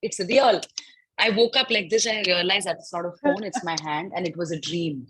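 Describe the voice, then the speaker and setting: A young Indian woman, an actress, chatting in an interview in an animated, excitable way with a husky voice and Indian English accent. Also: lowish voice, fast talker, background noise. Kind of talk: casual interview chat.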